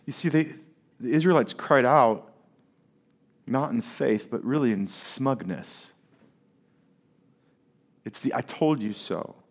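A man's voice: mid-range voice, slow pace, long pauses. Man preaching a sermon. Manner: preaching with rhetorical questions to the congregation. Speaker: pastor.

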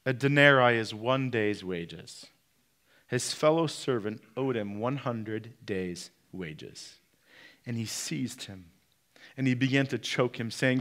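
A man preaching a sermon, swinging between loud peaks and quiet drops, and putting direct questions to the congregation. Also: medium pitch, slow. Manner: preaching with sharp rises and drops in loudness. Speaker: pastor.

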